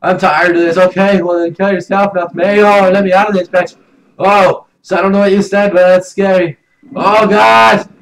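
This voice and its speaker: Young guy yelling and cussing through a game, voice a bit high. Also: little pitch movement, moderate pace, rough recording. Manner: loud, swings between shouting and mumbling, swears a lot. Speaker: gaming YouTuber. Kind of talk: let's play commentary.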